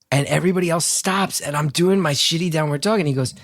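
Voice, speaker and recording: Profane, animated man over a video call. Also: fairly high pitch, moderate pace, no echo, studio quality. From North Jersey, United States. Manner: animated, profane, self-deprecating storytelling. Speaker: guest storyteller. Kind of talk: casual anecdote told on a video call.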